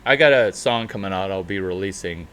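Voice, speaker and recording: With a smooth quality to his voice, a man mentors startups in a spirited, off-the-cuff talk. He jumps abruptly in pitch and loudness and draws out words to emphasize them.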